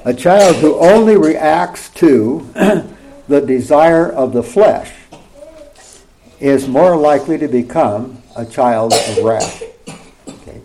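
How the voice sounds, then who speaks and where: A middle-aged man preaching a sermon, his voice a little high for a man but mellow and warm in tone. He talks conversationally and keeps checking in with his listeners through rhetorical questions. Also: lively intonation, slow pace, a little hiss or hum, low-quality recording.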